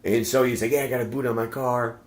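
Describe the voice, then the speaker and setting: A man tells a rambling, profanity-laced story at a rapid clip, acting out what everyone said. The room around him rings with a noticeable echo. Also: mid-range voice, flat delivery. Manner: rambling, swears a lot, acts out quoted lines. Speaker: podcast guest. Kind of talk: casual storytelling chat. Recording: roomy echo.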